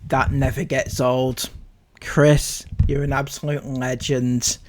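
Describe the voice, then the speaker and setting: A man's voice: mid-range voice, level tone, takes it slowly. A man hosting a commentary video, making dry, mocking asides about vlog clips. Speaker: commentary YouTuber.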